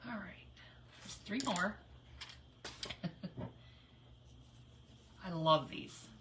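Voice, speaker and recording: Recorded from afar in a noisy room, a woman speaks very slowly in a lowish voice, rambling and giggling as she chats and crafts on her live stream.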